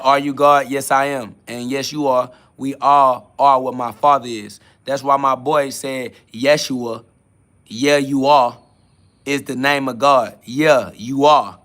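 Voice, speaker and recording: A man's voice: mid-range voice, sharp tone. A man hosting a spiritual podcast, answering chat comments in a casual, emphatic preaching style with street slang and repeated catchphrases. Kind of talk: casual self-affirmation sermon.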